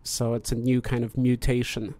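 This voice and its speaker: A man hosting a casual live-streamed panel discussion, explaining in a measured way and pausing mid-thought. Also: medium pitch, monotone, dark tone, no room sound. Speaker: host.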